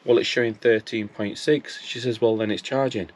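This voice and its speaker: A man's voice: mid-range voice, fairly even intonation, normal speed. A man, casually telling a story and acting out his phone calls in quoted dialogue. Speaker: vlogger.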